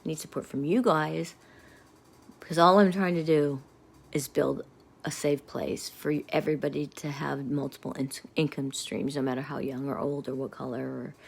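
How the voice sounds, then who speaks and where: A woman's voice: low-pitched, creaky. A middle-aged woman venting angrily to her viewers in a rambling rant, often dropping to a muttered whisper. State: angry. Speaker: vlogger. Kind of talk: angry personal rant to viewers.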